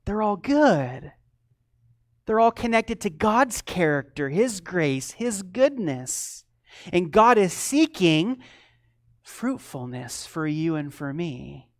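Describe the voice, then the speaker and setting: A man preaching a sermon, swinging between loud animated storytelling and quiet, earnest teaching. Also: high voice, slow pace, dry recording, studio quality. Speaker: pastor.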